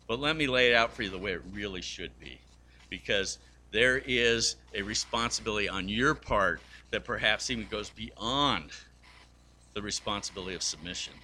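Bright-voiced man preaching a sermon. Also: on the low side, normal speed, slight background noise. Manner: storytelling, acts out quoted voices. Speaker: pastor.

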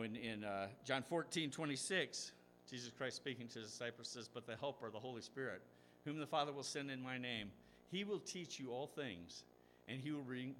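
A man's voice: medium pitch, a bit bright, a little hiss or hum. A man preaching a sermon as pastor, telling stories and asking rhetorical questions, his voice rising for emphasis.

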